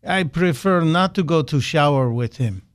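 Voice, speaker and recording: A man's voice: fairly high pitch, animated, no room sound, studio quality, natural voice. Man putting on a bad mock-Russian strongman accent. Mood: deadpan boastful. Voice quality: heavy, slow, deliberately bad accent. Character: Russian strongman leader, stern, blunt middle-aged man.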